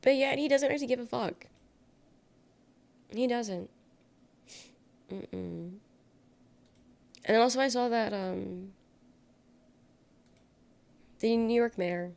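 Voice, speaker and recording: A woman's voice: mid-range voice, slow pace, gravelly, pauses often, a little mellow. A young adult woman streamer chatting casually and sarcastically, reading viewer comments aloud and rambling between topics. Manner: rambling, sarcastic, reacts to chat. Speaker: livestreamer.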